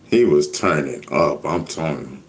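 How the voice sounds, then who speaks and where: Slow, deep-voiced man chatting on a livestream. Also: expressive, slight background noise. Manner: reads chat comments aloud, repetitive catchphrases. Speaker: livestream host. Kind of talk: casual livestream chat.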